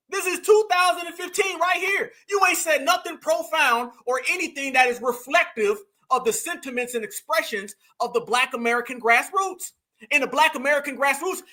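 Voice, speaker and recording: A man with a very high voice and a sharp, bright edge, running a reaction commentary. He talks to his audience in an emphatic, preachy way and keeps hammering his points home. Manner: emphatic, preachy, addresses the audience as "fam" and "y'all". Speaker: online political commentator.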